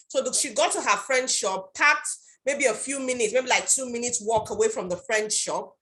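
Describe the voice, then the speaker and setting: A woman's voice: on the high side, a little fast, few pauses, fairly bright tone. A woman hosting a casual chat, retelling a story she saw online. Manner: retells stories, acting out the voices in them. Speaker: host.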